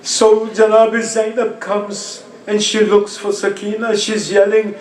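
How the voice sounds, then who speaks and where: A male preacher delivering a mourning sermon, emotive and slow, with moments where he rises to cries. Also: high-pitched, level tone, distant mic. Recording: echoey room.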